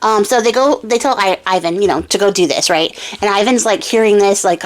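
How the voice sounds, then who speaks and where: A woman's voice: mid-range voice, brisk, hardly any pauses. A young woman hosting a craft channel, casually retelling a folktale in a chatty, giggly way with lots of fillers. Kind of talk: casual storytelling.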